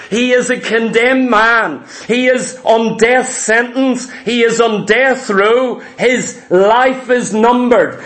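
A man's voice: sits high, fairly bright tone. A male preacher delivering a sermon, telling a Bible story dramatically and acting out what the characters say.

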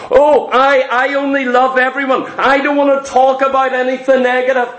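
A man's voice: very high-pitched, level tone, moderate pace, a bit bright, voice pushed up. A man preaching puts on the voice of a self-righteous churchgoer who sweetly insists he loves everyone. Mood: protesting.

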